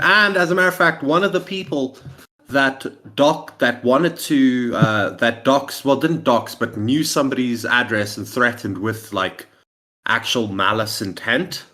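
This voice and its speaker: A man's voice: mid-range voice, sharp tone. A man co-hosting a casual podcast, arguing his points emphatically. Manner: emphatic, argumentative. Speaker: podcast co-host and moderator.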